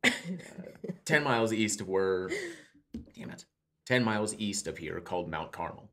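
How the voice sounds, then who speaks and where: A man co-hosting a casual true crime podcast, reading his notes quickly and stumbling over lines. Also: lowish voice, lively intonation, sharp tone. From United States. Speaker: podcast co-host.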